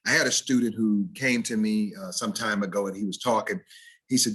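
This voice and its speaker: A man from Mississippi, giving a lively diction lecture over a video call, often imitating dialects. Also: lowish voice, fairly quick, husky. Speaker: diction instructor.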